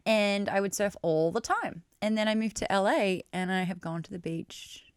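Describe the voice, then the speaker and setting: A woman's voice: mid-range voice, clear, resonant tone, dry recording, studio quality. A young adult woman with an Australian accent, co-hosting a casual podcast chat in a playful, jokey way. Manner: playful, jokey, quick to laugh. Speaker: podcast co-host.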